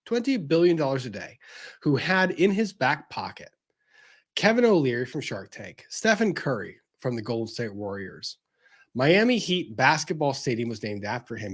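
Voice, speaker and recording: Husky man on a swearing rant. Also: very animated, moderate pace. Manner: swearing rant, swinging from loud outbursts to low intensity. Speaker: show host. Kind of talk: ranting commentary.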